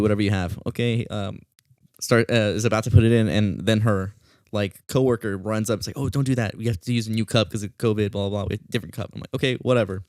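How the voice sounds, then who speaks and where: Host man with a smooth, dry voice. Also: on the low side, no room sound. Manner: animated storyteller, swears often. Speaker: podcast host. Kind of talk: casual storytelling chat.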